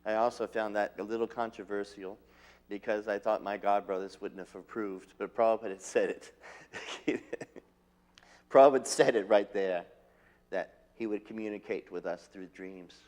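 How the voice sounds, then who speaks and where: A man reminiscing about his teacher in an interview, telling stories gently and acting out what was said. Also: fairly low pitch, steady tone, moderate pace. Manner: gentle storytelling, acting out quotes. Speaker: disciple recalling his teacher.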